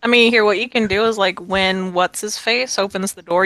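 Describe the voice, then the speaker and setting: A woman's voice: mid-range voice, steady tone, normal speed, a bit bright, no room sound. A woman narrating as game master in a laid-back, slangy way, swearing freely. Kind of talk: casual tabletop game narration.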